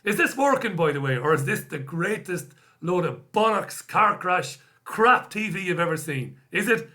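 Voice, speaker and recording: A man's voice: high voice, animated, normal speed, bright, forceful tone. A man hosting a live stream, reading out viewer comments and answering them bluntly, swearing now and then. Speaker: host.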